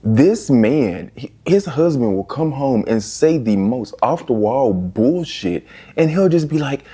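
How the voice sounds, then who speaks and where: A young man reviewing books in a casual vlog, animated and exasperated, swearing freely as he rants. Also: medium pitch, unhurried, husky. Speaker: book reviewer.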